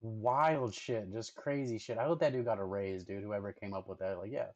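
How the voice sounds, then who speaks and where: A man's voice: lowish voice, normal speed, no room sound, dull audio. A man streaming and reacting to videos, talking loosely with lots of 'like' and 'dude'. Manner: loose slangy talk with constant 'like' and 'dude'; chatty, talks playfully to his dog. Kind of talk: casual reaction stream chat.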